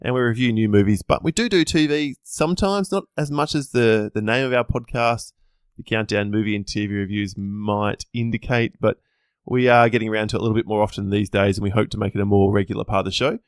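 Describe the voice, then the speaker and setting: An Australian man with a fairly low voice, talking as a podcast guest. He chats casually with a cheeky, self-deprecating humor and laughs easily. The sound is dry and close, with no room behind it. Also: fast, clean tone, no room sound. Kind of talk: casual chat.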